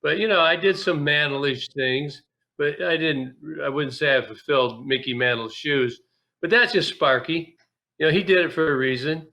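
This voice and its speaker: A man recalling his playing days in a relaxed interview. His voice is bright and forceful. He tells it candidly, in a folksy way, stumbling over restarts as the memories come. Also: on the high side, moderate pace. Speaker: guest, former pro ballplayer. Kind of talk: casual interview storytelling.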